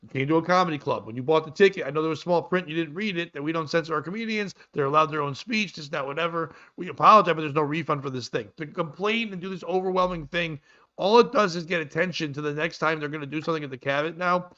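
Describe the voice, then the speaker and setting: This comedy podcast host talks quickly in a sharp, fairly high voice, ranting profanely and rambling through a casual comedic chat. The audio is dull and lo-fi.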